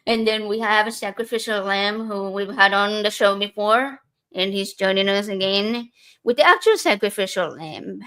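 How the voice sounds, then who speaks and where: A woman's voice: medium pitch, a little slow, fairly bright tone, low-quality recording. A woman co-hosting a podcast in casual chat, giggly and chatty, often restarting her sentences. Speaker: podcast co-host.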